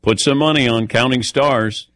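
A man's voice: medium pitch, normal speed, fairly bright tone, no room sound. Chatty man hosting a radio show. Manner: chatty storyteller, calls on co-hosts by name. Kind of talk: casual radio show chat.

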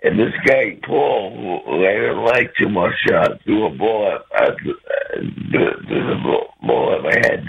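A man calling in to a radio show, rambling and halting as he loses his words, heard over a muffled phone line. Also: on the low side, big pitch swings, gravelly, slightly rough. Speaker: caller. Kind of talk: call-in chat.

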